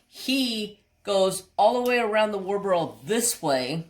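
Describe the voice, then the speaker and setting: A woman hosting a craft channel, telling a rambling, animated story with mild cursing. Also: mid-range voice, unhurried. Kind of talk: casual storytelling while crafting.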